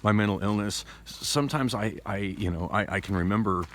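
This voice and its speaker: A male vlogger with a lowish voice speaks a little fast, recording on his phone camera as he talks through a toothache. It's a casual, meandering monologue, with frequent restarts and side trips.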